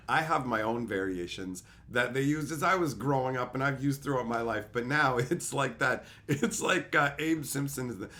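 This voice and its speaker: A middle-aged man talking casually on a livestream, his pitch swinging widely as he tells stories. He swears freely, laughs often and answers his chat directly. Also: lively intonation, measured pace, a bit bright. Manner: profane, laughing storyteller. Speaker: streamer.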